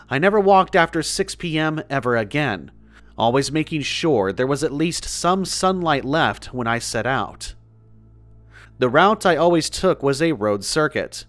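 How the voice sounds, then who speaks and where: A man narrating a first-person scary story in a measured, steady storytelling voice, reading it as a scripted tale. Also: on the high side. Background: faint background music.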